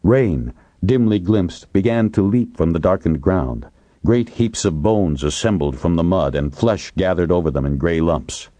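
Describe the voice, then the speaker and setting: A male audiobook narrator reads in a measured, deliberate way, often drawing out his phrases. His voice is very deep, with a dark, mellow tone. The recording is dry and close, with no room sound. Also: no echo.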